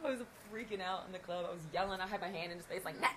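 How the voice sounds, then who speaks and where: A woman who works as an exotic dancer, chatting casually and acting out what customers said in animated stories. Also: lowish voice, very fast, a little hiss or hum, rough recording. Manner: animated storyteller, acts out customers' lines. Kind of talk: casual chat.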